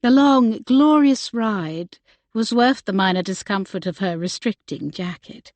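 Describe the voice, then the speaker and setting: A woman narrating a romance novel in a gentle storytelling manner. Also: mid-range voice, lively intonation, unhurried, no echo. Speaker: audiobook narrator. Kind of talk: scripted narration.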